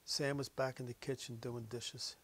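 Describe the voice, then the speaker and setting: A middle-aged man, a pastor, telling a personal story in a folksy, conversational way during a meditation, sometimes dropping to a hushed whisper. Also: mid-range voice, little pitch movement, normal speed, dry recording. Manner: drops to a hushed whisper for solemn moments.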